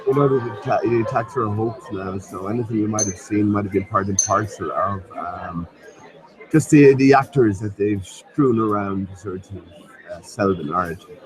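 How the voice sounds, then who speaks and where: A man's voice: fairly low pitch, moderate pace, crowd noise, rough recording. A man hosting a casual pub chat, rambling and hesitant, dismissive of what he hears. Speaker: host.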